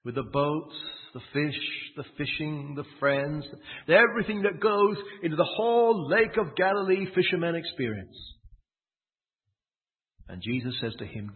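A man's voice: on the high side, very animated, normal speed. A man preaching a sermon, retelling a story with asides and rhetorical questions. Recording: tinny, phone-like sound with long hall echo.

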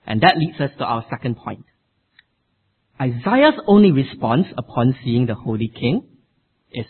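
A man preaching a sermon with an emphatic, expressive delivery. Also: medium pitch, measured pace, husky. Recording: tinny phone-like sound.

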